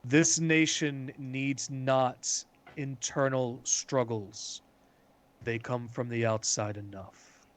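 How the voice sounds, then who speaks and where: A man voicing a stern male nation leader who speaks in slow, measured pronouncements. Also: mid-range voice, steady tone, close to an everyday voice.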